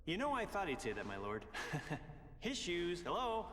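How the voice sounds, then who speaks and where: A cheeky young messenger. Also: male voice, high voice, huge pitch swings, a little slow, a bit bright, a little hiss or hum, exaggerated voice. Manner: flippant, jokey, easily amused. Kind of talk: video game cutscene acting. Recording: roomy long reverb, faint game ambience.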